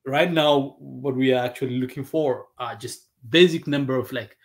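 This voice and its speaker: A man's voice: mid-range voice, fairly even intonation, normal speed, vocal fry. A man calling in as a guest on a video call, rambling with many fillers as he explains his project. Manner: rambling, many fillers, laughs between points. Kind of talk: casual conversation over video call.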